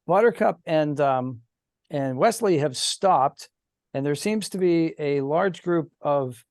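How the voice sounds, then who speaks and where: Rambling game master on a video call. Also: male voice, a little high, darkish tone, dry recording. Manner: rambling, self-correcting. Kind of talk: narrating a tabletop game.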